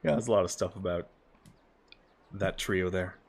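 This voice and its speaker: Deep-voiced male game streamer. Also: normal speed, vocal fry, slightly rough. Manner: joking, offhand, swears casually. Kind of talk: casual gameplay livestream commentary.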